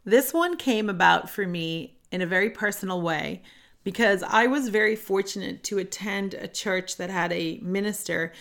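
A middle-aged woman hosting a solo self-help podcast, telling a personal story in an earnest, animated way. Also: mid-range voice, moderate pace, vocal fry. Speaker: podcast host.

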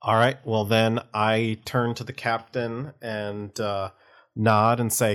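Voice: mid-range voice, little pitch movement, takes it slowly, a bit bright, clear, resonant tone. A player in a tabletop game, playful and scheming as they act their character. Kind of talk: tabletop role-play.

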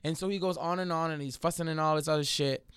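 A man hosting a casual podcast who tells stories in an animated, profane way and acts out what other people said. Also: fairly high pitch, quick pace. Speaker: podcast host. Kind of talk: casual storytelling chat.

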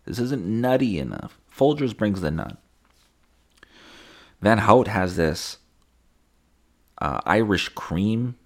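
A man's voice: on the low side, expressive, slow, long pauses. A young man hosting a casual solo podcast, rambling, sarcastic and profane, slipping into mocking voices. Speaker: podcast host.

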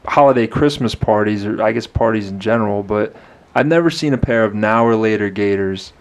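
A man's voice: on the low side, brisk, smooth. A man co-hosting a casual podcast chat, joking and teasing with playful questions.

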